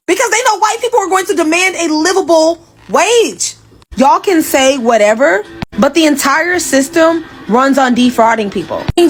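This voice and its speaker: A woman giving blunt, emphatic political commentary. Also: sits high.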